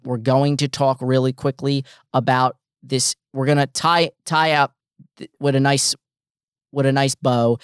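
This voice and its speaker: A man's voice: mid-range voice, clean tone, dry recording, studio quality. A man hosting a sports talk show, giving blunt, emphatic opinions and hammering his points home.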